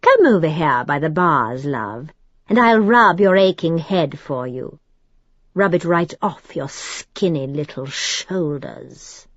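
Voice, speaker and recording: A silky, mocking demon speaks with precise, elegant diction, drawing out each threat in a low purr, as a woman narrator puts him on. His menace sits under a soothing politeness. The audio is a touch dull and dry. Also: big pitch swings, slow pace, no echo, heavily acted. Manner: clear, precise accent, purring and sneering. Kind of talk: audiobook character voice.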